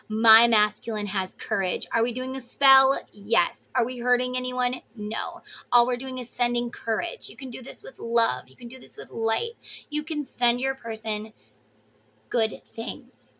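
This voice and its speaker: A woman's voice: fairly high pitch, steady tone, a little slow, vocal fry, pushed and bright, a little hiss or hum. A woman giving a casual tarot reading to her viewers, emotive and chatty, with the odd swear word. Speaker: tarot reader.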